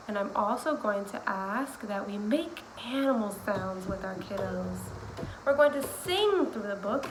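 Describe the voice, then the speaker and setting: A woman's voice: on the high side, echoey room, background noise. A woman speech teacher giving friendly, upbeat instructions to parents, chatty with playful asides.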